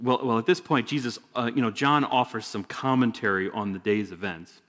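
A man's voice: mid-range voice, a little fast, fairly bright tone. A male pastor giving a sermon in a church sanctuary, talking conversationally with joking asides. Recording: long hall reverb.

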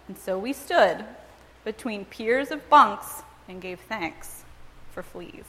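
A woman reading a first-person story aloud in a measured, dramatic storytelling manner. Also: mid-range voice, expressive, bright, forceful tone. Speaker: reader and speaker. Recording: long reverb, as in a large hall.

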